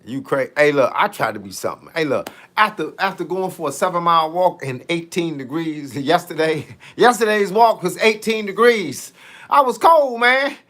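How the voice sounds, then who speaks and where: A man with a fairly high voice chats loosely on a live stream, joking as he answers viewers. He talks in heavy slang with a laid-back, playful manner. He is a middle-aged fitness coach hosting his own show. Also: animated, normal speed, few pauses, fairly bright tone. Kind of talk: casual live-stream chat, reading viewer comments.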